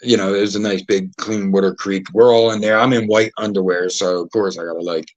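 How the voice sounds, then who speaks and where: A man's voice: on the low side, steady tone, brisk, dry recording, muffled recording. A man, a podcast host telling casual stories full of swearing and acting out other people's lines. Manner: profane, acts out quoted voices. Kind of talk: casual storytelling.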